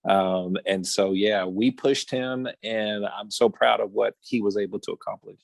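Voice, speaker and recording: A man's voice: fairly low pitch, fairly even intonation, measured pace, gravelly, no room sound. A man taking part in an interview from his office as the guest's older brother, speaking earnestly. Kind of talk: casual interview.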